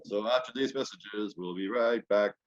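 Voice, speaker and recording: A man's voice: on the low side, heavy background noise. A man hosting a podcast interview, chatty and informal as he asks questions. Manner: chatty, fast-talking. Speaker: podcast host. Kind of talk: casual interview talk. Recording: dull lo-fi audio.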